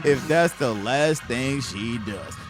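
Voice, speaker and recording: A young man telling a comedic story from his childhood in slangy, animated narration. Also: medium pitch, slow, over loud music. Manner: animated, slangy, swings into character voices.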